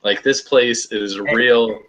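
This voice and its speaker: A man's voice: mid-range voice, fairly even intonation, takes it slowly, noisy background. A young man chatting casually on a video call, laid-back and rambling, filling his talk with "like" and laughing easily. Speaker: host.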